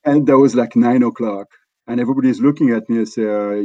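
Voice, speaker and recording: A man's voice: mid-range voice, fast talker, a little mellow, no room sound, muffled recording. A middle-aged man with a French accent, a company executive telling stories as an interview guest, with many fillers and restarts. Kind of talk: conversational storytelling.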